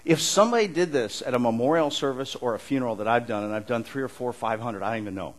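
A middle-aged man preaching a conversational sermon as pastor, animated, often restarting his words and chuckling as he talks. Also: medium pitch, quick pace, low-quality recording.

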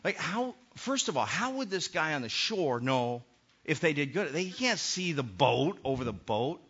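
A middle-aged man preaching a sermon as pastor, animated and acting out the voices he quotes. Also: fairly high pitch, normal speed, husky. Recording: muffled lo-fi sermon recording.

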